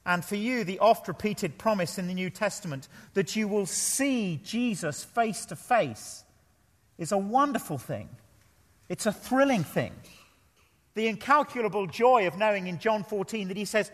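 A man's voice: sits high, expressive, normal speed, a bit bright. Emphatic preacher man in a hall. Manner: earnest, emphatic, repeats key phrases. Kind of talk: sermon. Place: church pulpit.

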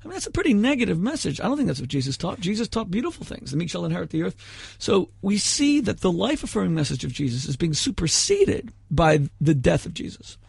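A man's voice: sits high, very animated, quick pace, vocal fry, slightly rough, no room sound, studio quality. A man arguing his case in a heated debate, impassioned and rhetorical, often cutting in.

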